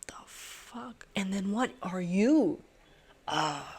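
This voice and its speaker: A woman hosting a sudoku video who thinks aloud as she solves. She is excitable and swears and laughs in disbelief as she talks to herself and her viewers. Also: medium pitch, slow pace, breathy edge. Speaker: host solving a sudoku puzzle. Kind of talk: thinking aloud while solving a puzzle.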